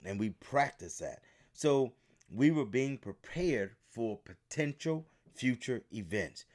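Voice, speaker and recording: A man hosting a faith podcast, telling a story in a preaching style that builds to loud, emphatic commands. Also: mid-range voice. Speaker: podcast host.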